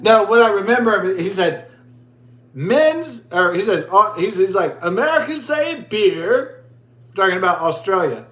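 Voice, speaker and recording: A man's voice: high-pitched, fairly even intonation, a little fast, hardly any pauses, fairly bright tone, reverberant, faint music behind. A man vlogging as he drinks a beer, telling a rambling story in crude, profane, rambling talk.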